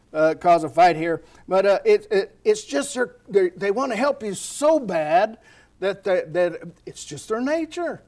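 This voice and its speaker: Male American preacher, high-pitched, folksy animated sermon with anecdotes. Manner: storytelling, animated, folksy asides. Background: congregation responding.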